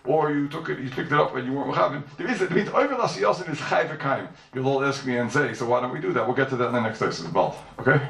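Man, Talmud lecturer, animated with rhetorical questions; gravelly, distant, echoey room. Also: a little high. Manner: animated, rhetorical questions, sing-song rises. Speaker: Talmud teacher. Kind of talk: yeshiva-style Talmud lecture. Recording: echoey room, speaker far from mic.

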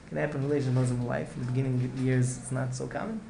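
A man delivers an earnest Torah lecture as a rabbi, repeating himself, restarting phrases, and mixing in Hebrew and Yiddish words. His medium-pitched voice is gravelly yet mellow, racing along with little pitch movement. The echoey room carries faint ambience and a slight hiss or hum.

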